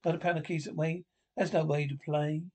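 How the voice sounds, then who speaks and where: A man's voice: fairly high pitch, level tone, brisk, a little mellow. A man reading the part of a prim, nervous young stepmother from a script, speaking in his own voice and saying the cue names aloud. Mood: scolding. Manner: reads cue names aloud before lines.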